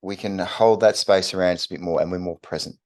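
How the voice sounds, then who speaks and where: A man co-hosting a podcast, calmly prompting his partner with questions and affirmations. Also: low-pitched, quick pace. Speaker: podcast co-host. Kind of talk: casual chat, interviewing.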